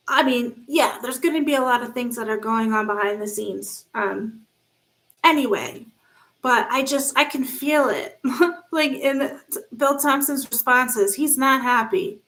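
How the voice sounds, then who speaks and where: A woman's voice: high-pitched, a bit bright, poor audio. A woman hosting a casual live stream, reading text messages aloud and chatting with viewers about them. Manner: reads text messages aloud and reacts to chat. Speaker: livestream host reading viewer comments.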